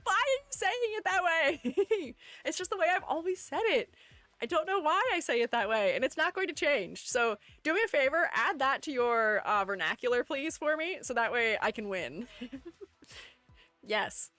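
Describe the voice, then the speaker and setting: Woman streamer, bright-pitched and very animated, playful chat with viewers, dry close mic. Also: moderate pace, dry recording. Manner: chatty and playful, reading chat aloud and answering it. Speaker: streamer ranking game character designs. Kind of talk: casual livestream chat, greeting viewers.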